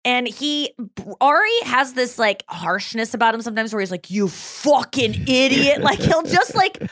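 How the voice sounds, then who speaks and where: Animated woman telling a story. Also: on the high side, normal speed, no echo, clean studio sound. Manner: animated storyteller acting out quoted voices, many "like" fillers. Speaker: podcast co-host. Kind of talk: casual chat.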